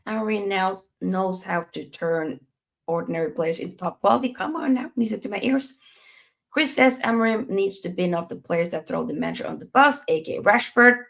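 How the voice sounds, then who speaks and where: A woman hosts a live football stream, talking casually and reacting to viewer messages. She is animated and chatty, swinging into playful put-on voices now and then. Her voice sits at a middle pitch for a woman. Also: a little fast, gravelly. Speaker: football channel host reading live chat.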